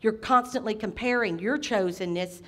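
A middle-aged woman preaching a sermon as senior pastor, impassioned, with sudden loud outbursts. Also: medium pitch, normal speed.

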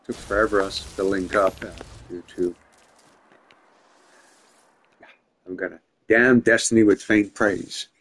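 A man with a fairly low voice talks his way through a game. His tone is dry and wry, and he often mutters to himself. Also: fairly even intonation, a little slow, long pauses, a bit bright, a little hiss or hum. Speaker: gameplay video creator. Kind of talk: casual gameplay commentary.

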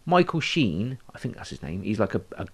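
A man's voice: fairly low pitch, big pitch swings, fairly quick, slightly rough. A man co-hosting a podcast, telling a rambling story in casual chat. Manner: rambling, hesitant, lots of fillers and restarts. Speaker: podcast co-host.

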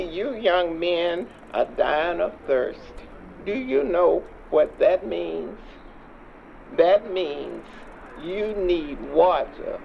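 A man's voice: fairly high pitch, vocal fry, heavily acted. A man playing an earnest street preacher in a music video skit, solemnly leading a young man through a prayer, recorded on a dull lo-fi track outdoors with faint noise.

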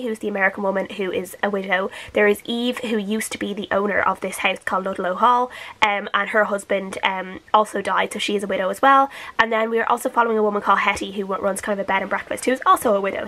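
A woman talks through her week's reading in a relaxed, rambling way, full of little fillers and restarts. Her voice sits at an ordinary middle pitch. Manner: chatty, rambling with many filler words. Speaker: book reviewer. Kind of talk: casual weekly book wrap-up.

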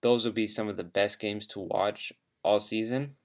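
A man's voice: lowish voice, fairly even intonation, moderate pace. A man hosting casual football predictions, talking with lots of hesitations, ums and restarts. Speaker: host.

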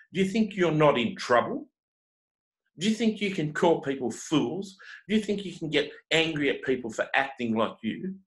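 A man's voice: a little high, a bit bright, poor audio. A man preaching a confrontational sermon as a self-described prophet and teacher, scolding his listeners with pile-ups of rhetorical questions and often repeating words as he starts a sentence.

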